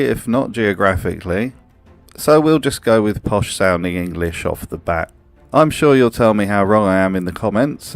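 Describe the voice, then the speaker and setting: A man hosting a comedic commentary video, with a dry, sardonic delivery. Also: lowish voice. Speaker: host.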